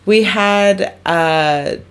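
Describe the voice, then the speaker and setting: A woman in her twenties co-hosting a podcast, chatting casually with quick asides and laughs. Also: medium pitch, fairly bright tone, clear, resonant tone. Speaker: podcast co-host. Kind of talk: casual chat.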